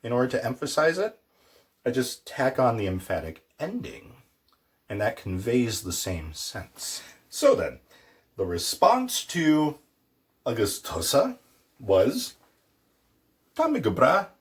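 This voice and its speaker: A man's voice: medium pitch, wildly swooping pitch, slow pace, long pauses. A man teaching a casual, playful language lesson, acting out little mock dialogues with a student.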